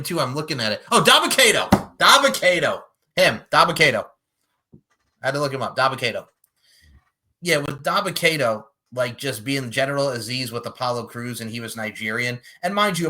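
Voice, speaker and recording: A man's voice: mid-range voice, pushed and bright. A man with a New York accent hosting a podcast, chatting casually with frequent laughs and swearing. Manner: laid-back, profane, laughs often. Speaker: podcast host.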